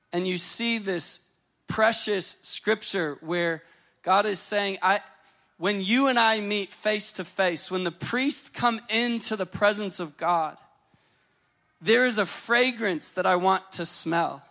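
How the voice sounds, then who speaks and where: A young American man delivers a sermon in an earnest, tender way. His voice sits fairly high, and he often doubles words as he builds to a point. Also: measured pace, vocal fry. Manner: earnest, tender, repeats words when excited. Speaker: guest pastor.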